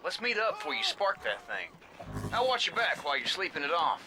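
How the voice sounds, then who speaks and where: A man's voice: fairly high pitch, very animated, brisk. A man voicing a wisecracking, loyal male sidekick in a video game, brash and chummy. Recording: game audio with loud background noise.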